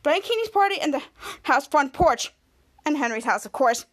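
A woman's voice: high voice, animated, moderate pace. A woman podcast host recapping a TV episode scene by scene, casually stringing together "cut to" after "cut to".

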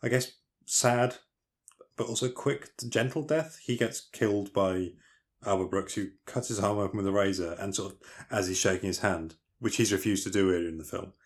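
A man's voice: fairly low pitch, moderate pace. A man co-hosting a casual film podcast, retelling movie scenes in detail with lots of fillers and restarts. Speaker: podcast co-host.

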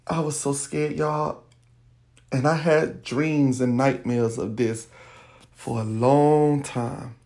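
Brief: man, podcast host, mellow gravelly voice, candid storyteller. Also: mid-range voice, fairly even intonation, takes it slowly. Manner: candid, addresses listeners directly. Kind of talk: personal storytelling.

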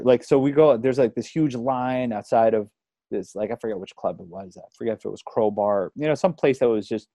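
A young man hosts a casual interview, rambling through his stories with plenty of fillers. His voice is relaxed and dark, and it sounds close and dry, with no room behind it. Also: mid-range voice, a little fast, no echo. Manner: chatty, rambling, filler-heavy. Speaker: podcast host.

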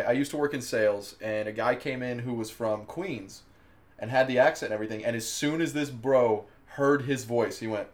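A man in casual podcast chat, his pitch sitting in the middle of the male range. He is from Colorado and tells his stories with lively, laughing energy. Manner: animated storyteller, laughs often. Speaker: podcast host.

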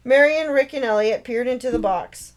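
A woman author narrating her own novel in a steady, expressive read-aloud. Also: on the high side, moderate pace, rough recording. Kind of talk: storytelling narration.

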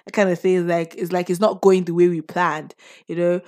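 A woman's voice: lowish voice, steady tone, brisk, a little mellow. A young woman with a Nigerian accent, chatting casually and solo as a podcast host, often laughing and slipping into pidgin phrases.

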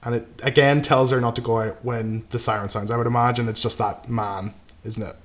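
A man casually recapping a horror film's plot, trailing off quietly and tagging "right?" onto his sentences. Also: medium pitch, steady tone, brisk. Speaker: podcast co-host recapping a film. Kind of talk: casual chat.

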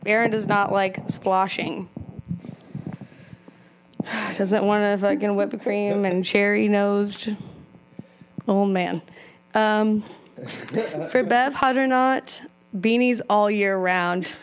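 Slow-talking giggly woman hosting a chat. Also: mid-range voice, fairly even intonation, smooth, poor audio. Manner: giggly, teasing, swears casually. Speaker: podcast host. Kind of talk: casual group chat.

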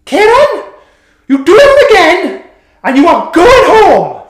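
A man's voice: wildly swooping pitch, slow pace, full character voice. A man putting on a screeching Welsh mum. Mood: shrieking. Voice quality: shrill, strained falsetto. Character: shrieking Welsh mum scolding her boy. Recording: echoey hall.

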